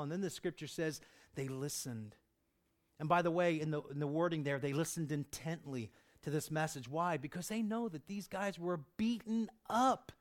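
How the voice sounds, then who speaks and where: A man preaching a sermon as pastor, emphatic and repetitive, swinging between loud passages and hushed ones, with casual slang asides. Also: sits high.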